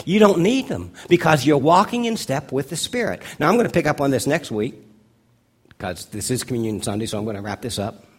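A pastor delivers his Sunday sermon in a voice pitched a little above the usual for a man. He tells an illustration story and climbs higher and louder when he acts out the dialogue. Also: expressive, normal speed, breathy edge. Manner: storytelling preacher, rises in pitch and volume for dialogue.

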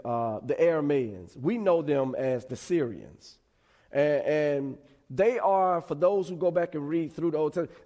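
A man's voice: a little high, warm tone, long reverb tail. A man preaching a conversational sermon to his congregation, repeating words and adding asides as he goes. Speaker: pastor. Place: church sanctuary.

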